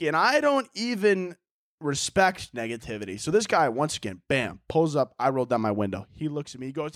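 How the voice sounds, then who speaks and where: A man's voice: on the high side, moderate pace, no echo, clean studio sound. A young man from Chicago telling a story on his solo podcast, swearing freely and acting out everyone in it. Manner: animated, profane, acts out the people in his stories. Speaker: podcast host.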